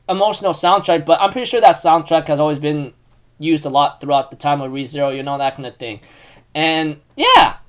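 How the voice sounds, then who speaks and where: A man giving a casual recap of an anime episode, excitable and rambling, with lots of "you know" fillers. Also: on the high side.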